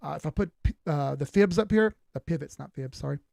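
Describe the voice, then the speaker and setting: Southern-drawling man, high-pitched and blunt. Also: brisk, vocal fry, dark tone, dry recording. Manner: blunt, folksy and emphatic. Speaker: crypto chart analyst. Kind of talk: live-stream chart commentary.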